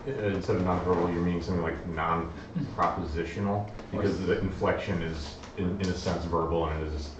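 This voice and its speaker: A man's voice: deep voice, fairly even intonation, fairly quick, hardly any pauses. A man in the audience putting a tentative, qualified question to the lecturer. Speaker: audience member asking a question. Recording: distant, echoey, noisy lo-fi room recording.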